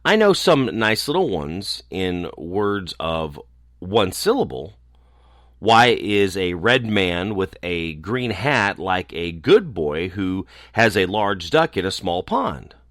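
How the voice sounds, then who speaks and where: A man voicing a quick-witted, forward young male gnome who chatters eagerly in a storybook. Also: low-pitched, sing-song, a bit bright, no echo, studio quality, full character voice. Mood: chattering.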